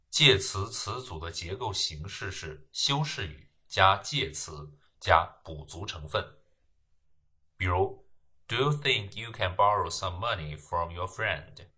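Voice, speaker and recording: A man giving a grammar lesson, explaining terms in a measured way and then reading example sentences. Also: low-pitched, sharp tone, breathy edge. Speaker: English grammar teacher. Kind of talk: slow lecture narration with read example sentences.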